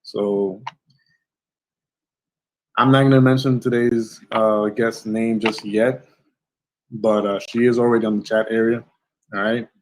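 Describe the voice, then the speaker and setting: Male stream host, lower voice, gushing with thanks; warm welcome for each viewer. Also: flat delivery, a little slow, long pauses, poor audio. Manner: effusive, thankful, blessing-heavy. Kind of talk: livestream interview intro. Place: home setup in Florida.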